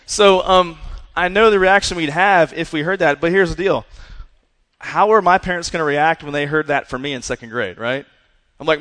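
A man with a high, lively voice preaches to young people, driving his points home with a conversational energy. His talk carries the long reverb of a large hall. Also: moderate pace. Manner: energetic, repeats "right?" and "listen". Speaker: youth pastor.

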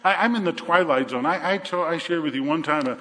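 An older man preaching a sermon, telling a Bible story with animated energy and acting out the voices. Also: on the high side, fairly quick. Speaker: pastor. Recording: echoey hall.

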